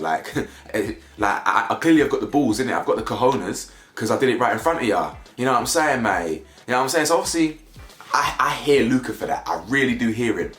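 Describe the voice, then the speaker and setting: A man's voice: medium pitch, animated, fast, fairly bright tone. A young man gives a casual, slangy review of a reality show, firing off rhetorical questions. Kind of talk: casual commentary vlog. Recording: echoey room with faint music.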